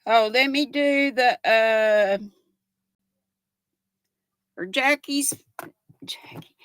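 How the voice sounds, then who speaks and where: A woman's voice: fairly high pitch, drawn-out words, a bit bright, smooth, dry recording. Older woman, casual livestream host with a folksy manner and a dry, close sound. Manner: chatty, giggly, folksy, talks to viewers as "y'all". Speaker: livestream host reading chat. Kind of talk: casual chat. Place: at home.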